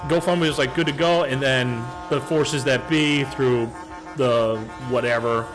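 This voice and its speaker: A man co-hosting a podcast, chatting casually in a mocking, animated way. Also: mid-range voice, a little slow, over music. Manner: mocking, animated, laughs often. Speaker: podcast co-host. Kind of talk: casual political chat.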